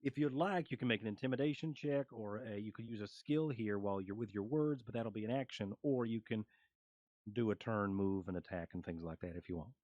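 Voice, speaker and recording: A man with a low voice narrates as game master for a tabletop fantasy game, pausing often to find his words as he describes the scene and explains the rules. The recording is dry, with no room sound. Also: darkish tone, no echo, highs cut off. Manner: halting, descriptive narration with many fillers.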